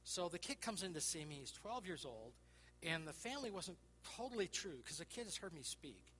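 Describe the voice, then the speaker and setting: A man preaching through a personal counseling story, acting out the dialogue, laughing often and dropping to a hushed voice. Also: fairly high pitch, big pitch swings, a little fast, big-room sound, slight background noise, low-quality recording. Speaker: Christian speaker and counselor.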